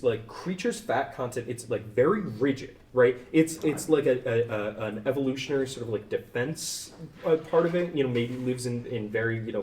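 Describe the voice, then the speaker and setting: A man's voice: medium pitch, darkish tone. A male game master describes a scene in a loose, rambling way, full of fillers and restarts. His voice sits mid-range. It was recorded in a roomy space with the mic some distance away. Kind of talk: narrating a tabletop game.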